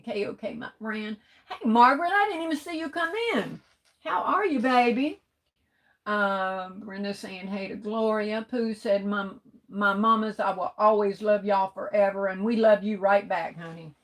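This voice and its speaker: A woman's voice: medium pitch, fairly bright tone, rough recording. A woman hosts a casual livestream, reading viewer comments aloud and greeting each one affectionately as baby and honey. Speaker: livestream host.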